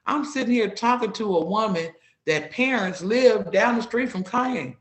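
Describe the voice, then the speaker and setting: A woman's voice: medium pitch, expressive, normal speed. Earnest woman telling stories, roomy sound. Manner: earnest, retells talks with repeated "I said, she said". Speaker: guest sharing community outreach stories. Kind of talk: heartfelt personal storytelling. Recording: roomy echo.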